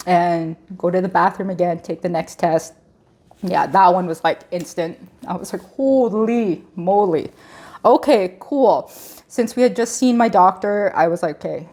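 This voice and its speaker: A woman in her thirties telling her own pregnancy story as an interview guest, lively, laughing often and acting out the dialogue. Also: lowish voice, creaky. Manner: animated, laughs often, acts out quoted dialogue. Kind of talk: emotional personal storytelling.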